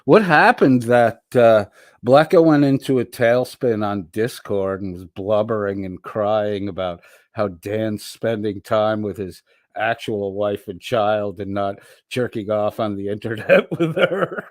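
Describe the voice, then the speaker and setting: Slow, drawling middle-aged man streaming. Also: on the low side, no room sound, studio quality. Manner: slow, drawling, profane banter. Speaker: livestream host reading chat. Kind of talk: casual livestream chat.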